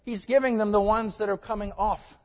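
A man with a high voice preaches in a church, chatty and direct, putting questions to his listeners and moving from loud emphasis to quiet asides. His words ring out with a long reverb, and the recording sounds dull and lo-fi. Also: fairly even intonation, fairly quick. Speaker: pastor. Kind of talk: sermon.

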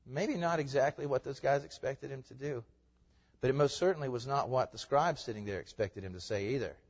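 A man preaching a sermon as a pastor, swinging between loud emphatic lines and soft hushed ones. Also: mid-range voice, fairly quick, creaky, long reverb tail, lo-fi sound.

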